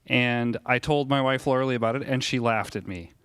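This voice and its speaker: A young man introduces his family and shares their faith story. He speaks in a relaxed way and hesitates with fillers. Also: medium pitch, fairly quick, clean tone, no room sound, studio quality. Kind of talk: casual family testimony.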